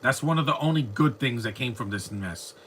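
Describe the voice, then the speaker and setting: A man's voice: medium pitch, expressive, fairly quick, fairly bright tone, slight background noise. A man watching fan films on a live stream, talking back to the screen with sarcastic, joking commentary and grumbling rants. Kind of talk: casual reaction commentary.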